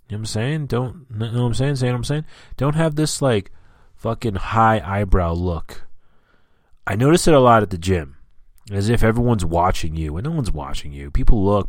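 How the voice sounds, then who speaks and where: A man's voice: deep voice, darkish tone, no room sound, studio quality. A man hosting his own podcast, rambling and ranting in casual, heavily profane talk. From New York and New Jersey area. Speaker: podcast host. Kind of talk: casual solo podcast monologue.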